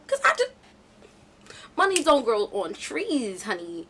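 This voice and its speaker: A young woman vlogger telling a casual storytime, chatty and animated with slangy asides. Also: a little high, a little slow, long pauses, a little hiss or hum.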